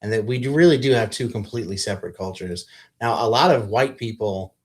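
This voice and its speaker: A man co-hosting a podcast in casual chat, blunt and profane, getting animated when he rants. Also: lowish voice, fairly quick. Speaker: podcast co-host.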